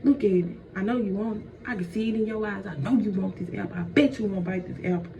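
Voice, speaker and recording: A crafty male snake, slow and smooth as he flirts, pitched a little lower than the teller's own voice, as a woman puts him on. The voice drops low and coaxing, full of slang. It comes through dull and muffled, a bit far from the mic, with a light hiss underneath. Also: lightly acted. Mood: taunting. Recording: dull, distant, faint noise.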